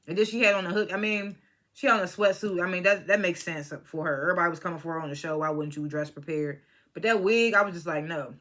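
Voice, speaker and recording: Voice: medium pitch, sharp tone. A young adult reality TV reviewer in casual vlog commentary, talking bluntly and profanely with rambling asides.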